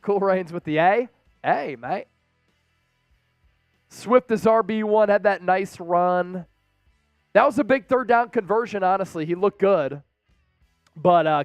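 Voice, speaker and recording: A man hosting a sports live stream, chatting casually and excitedly straight to his viewers as he reads out their donations. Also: high-pitched, moderate pace, clear, resonant tone, no echo, faint music behind. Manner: hyped, talks straight to the viewers.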